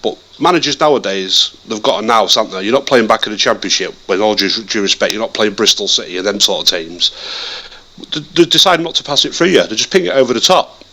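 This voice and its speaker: A man chatting casually about football as a podcast co-host, animated and often repeating words as he restarts his sentences. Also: fairly low pitch, quick pace. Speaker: podcast co-host, Leeds fan.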